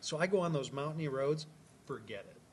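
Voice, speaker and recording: A man from Illinois, co-hosting a casual podcast chat, joking and animated, laughing often. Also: a little high, a little fast, slight background noise. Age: adult, has kids. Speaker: podcast co-host.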